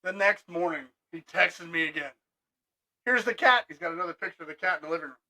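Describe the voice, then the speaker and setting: High, bright-voiced storytelling man. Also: quick pace, poor audio. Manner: animated, laughing, acts out both sides of conversations. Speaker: restoration business owner telling stories. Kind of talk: casual podcast storytelling.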